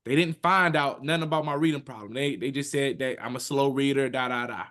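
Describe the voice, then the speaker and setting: A man in his thirties tells his own story as a podcast guest. He talks in an emphatic, animated way. He often slips into other people's words as he tells it. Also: a little high. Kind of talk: emotional personal storytelling.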